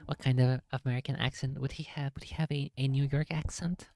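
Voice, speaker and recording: Woman streamer reading aloud; low, casual, jokey, swears in asides, dry close sound. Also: fairly even intonation, fairly quick, mellow, no room sound.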